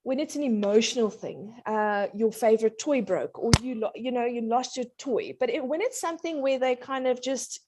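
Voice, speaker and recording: A woman's voice: on the high side, moderate pace, few pauses. A woman in her thirties, a parenting coach chatting on a talk show, telling family stories with frequent laughter. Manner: warm anecdotal, laughs often, acts out child voices. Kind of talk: casual talk show chat.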